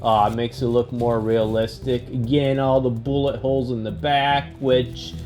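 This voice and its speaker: Brief: jokey male toy reviewer, slow unhurried delivery, background music. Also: medium pitch, level tone, darkish tone. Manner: playful, laughing, jokey. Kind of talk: toy unboxing vlog.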